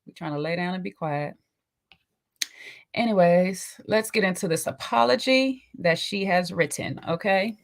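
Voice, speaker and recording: A woman's voice: fairly low pitch, expressive, a little slow, creaky. A woman hosting a casual livestream, sassy and chatty, greeting viewers by name and tagging sentences with "okay?". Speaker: livestream host.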